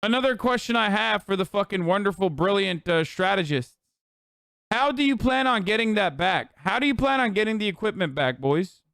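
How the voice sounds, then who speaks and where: A man hosts a political commentary stream, firing off sarcastic, profane rants. His voice is high for a man and smooth. The room sound is dry and close to the mic. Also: expressive, moderate pace, a bit bright, no room sound, faint music behind.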